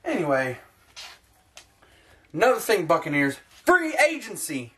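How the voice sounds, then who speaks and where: A man's voice: high voice, sing-song, a little slow, a bit bright. A man ranting in a profane, self-mocking sports vlog, talking to his own camera at home. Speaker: sports vlogger.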